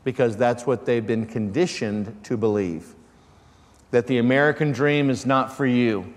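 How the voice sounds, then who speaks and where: A man preaching a sermon as pastor, calling out questions to his congregation. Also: mid-range voice. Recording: long church reverb.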